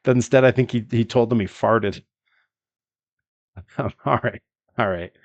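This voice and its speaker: A man on a casual livestream, telling a long story, laughing often and filling pauses with ums and uhs. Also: medium pitch, muffled recording, background noise. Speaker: streamer.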